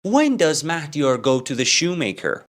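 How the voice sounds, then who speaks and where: A man's voice: on the high side, big pitch swings, normal speed. A man telling a simple story as an English lesson, asking questions about it and answering them himself. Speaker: English teacher.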